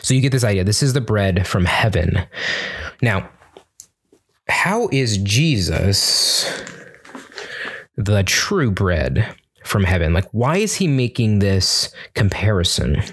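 Young male Bible teacher, low-pitched, relaxed chatty delivery with restarts. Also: slow, long pauses, breathy edge. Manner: chatty, informal, many fillers and restarts.

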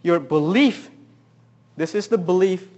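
A man preaching a sermon, who keeps asking the congregation questions and swings between loud emphasis and quiet asides. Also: sits high, unhurried, highs cut off. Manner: asks the audience many questions. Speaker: pastor.

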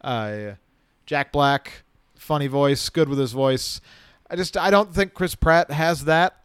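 A man's voice: a little high, takes it slowly, fairly bright tone, clear, resonant tone, dry recording, clean studio sound. A man co-hosting a casual movie podcast, frank and opinionated, often restarting his sentences. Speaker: podcast co-host, film critic.

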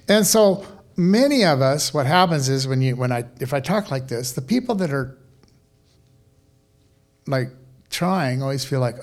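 A man pastor preaching a sermon in a conversational, animated way, with casual asides and questions to the congregation. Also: mid-range voice, a little slow, pauses often.

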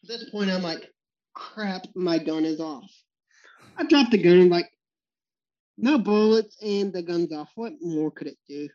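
A man's voice: sits high, normal speed, dark tone. Guy spinning wild hunting yarns on a podcast, laughs a lot, acts out the quotes, kinda muffled lo-fi sound. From Texas. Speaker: podcast guest, hog hunting outfitter. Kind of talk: storytelling in a podcast interview. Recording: muffled lo-fi recording.

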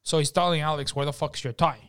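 A man's voice: on the high side, fairly even intonation, quick pace, a bit bright, clear, resonant tone. A man hosting a podcast, telling a story in casual chat, joking and swearing freely. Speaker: podcast host.

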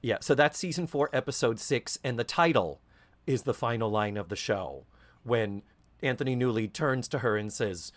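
A man with a mid-range voice co-hosts a podcast, chatting casually at normal speed. He tells stories in an animated, profane way.

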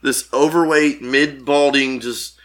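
A man's voice: medium pitch, slow pace. A man co-hosting a casual podcast chat, telling stories animatedly and swearing freely. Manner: animated storytelling, swears a lot. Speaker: podcast co-host.

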